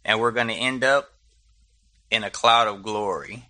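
A man's voice: fairly low pitch, moderate pace, pushed and bright. A middle-aged man teaching a Bible study, retelling scripture with humor and slang.

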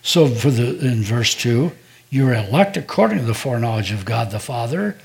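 A man's voice: mid-range voice, expressive, normal speed, vocal fry, a little mellow. An older man, a pastor, preaching a sermon in a conversational, storytelling way, acting out quoted dialogue.

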